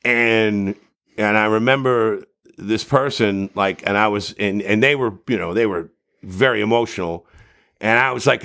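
Man, middle-aged, mid-pitched, casual chat, rambling, swears a lot, animated. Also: normal speed. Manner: rambling, profane, animated storytelling. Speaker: voice actor guest.

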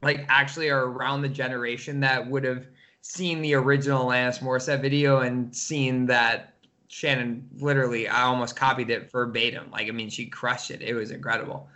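A man chatting as a guest, effusive and halting, full of restarts. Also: mid-range voice, level tone, pushed and bright. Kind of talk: casual chat.

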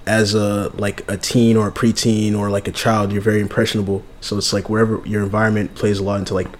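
Laid-back male podcast host, lowish voice. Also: fast. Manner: relaxed, curious questioning with many "like" fillers. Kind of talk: casual podcast chat.

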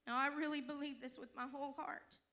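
A woman giving a fervent Pentecostal testimony in church, moving between hushed storytelling and loud cries of praise and calls to the congregation. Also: high-pitched, flat delivery, a little fast.

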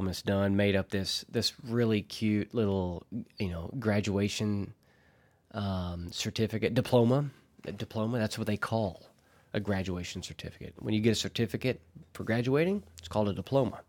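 A man's voice: on the low side, moderate pace, darkish tone. A man hosting a casual solo podcast, telling a story in a chatty, rambling way and laughing at himself.

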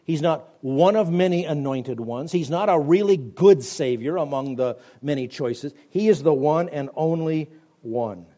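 A man preaching a radio Bible teaching as pastor, emphatic, with loud stressed words that sink to quiet, low endings. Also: a little slow.

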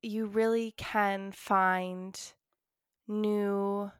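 A woman's voice: medium pitch, level tone, extremely slow, smooth, dry recording, clean studio sound. A woman hosting a podcast, talking in an effusive, gushing way and laughing often. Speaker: podcast host. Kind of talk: casual podcast conversation.

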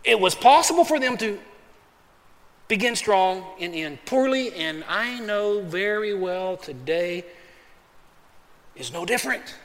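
A man with a high, light voice preaches a sermon in a casual, conversational style, calling his listeners "man" and slipping into quick acted voices. His voice rings out in a big church hall with a long reverb tail. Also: lively intonation, a bit bright. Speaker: pastor.

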